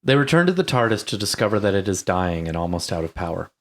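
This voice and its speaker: A low-voiced man reads plot summaries on a podcast. He explains the series lore in a plain, matter-of-fact way. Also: sing-song, quick pace. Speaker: podcast co-host. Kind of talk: casual chat and reading a plot summary.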